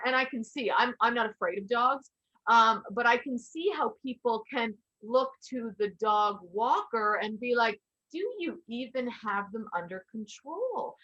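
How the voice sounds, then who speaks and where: Chatty higher-voiced woman host, lo-fi. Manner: animated, chatty, laughs along. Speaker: podcast host. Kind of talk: casual interview chat.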